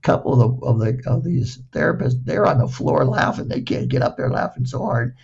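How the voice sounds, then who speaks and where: A man's voice: mid-range voice, expressive, brisk, vocal fry, darkish tone, breathy edge, dull audio. An older man recovering from a stroke tells playful anecdotes, repeating words and acting out the dialogue. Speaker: guest. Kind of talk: casual anecdotal storytelling.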